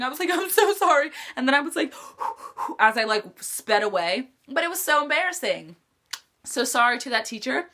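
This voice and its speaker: A woman's voice: high-pitched, pushed and bright. A teenage girl vlogging in a chatty storytime style, full of "like" fillers. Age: teens. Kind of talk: casual storytime chat.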